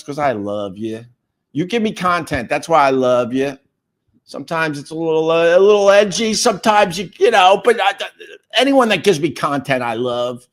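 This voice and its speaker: A middle-aged man hosting a casual livestream, reading viewer comments and rambling with repeated words. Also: mid-range voice. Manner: rambling, repeats words, sudden loud jumps. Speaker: radio host and livestreamer.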